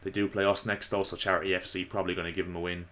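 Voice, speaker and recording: A man giving casual, opinionated football commentary to his viewers, slightly hoarse. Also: deep voice, little pitch movement, rapid-fire, fairly bright tone. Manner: chatty, opinionated, addresses viewers as lads. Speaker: football vlogger.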